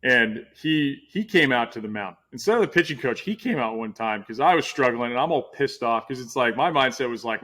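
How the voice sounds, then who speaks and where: A man's voice: mid-range voice, lively intonation, a little fast, few pauses, fairly bright tone. A middle-aged man hosting a casual interview, talking in a rambling way with many restarts. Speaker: podcast host.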